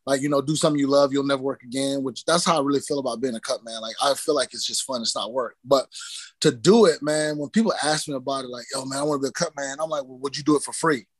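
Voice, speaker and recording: A man telling stories as a guest in a casual interview, lively and profane, acting out the voices of people he quotes. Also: medium pitch, quick pace, no echo. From New Mexico. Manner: animated, swearing, acts out quoted voices.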